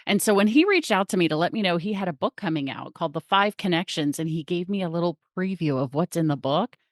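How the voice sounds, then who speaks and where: A woman's voice: fairly low pitch, animated, fast, no echo, clean studio sound. A woman hosting a podcast, bubbly and gushing as she introduces her guest, laughing often. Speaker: podcast host. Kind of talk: casual interview chat.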